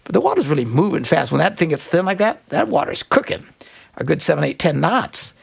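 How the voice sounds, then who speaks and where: An older man hosting a radio talk show, in casual studio chat, delivering exasperated, animated rants broken by laughter. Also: a little high, a little fast, gravelly, slightly rough.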